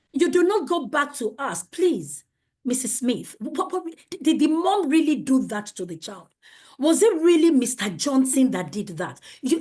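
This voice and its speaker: A woman's voice: high-pitched, a little mellow. A woman leading a safeguarding training for teachers, speaking emphatically and asking many rhetorical questions.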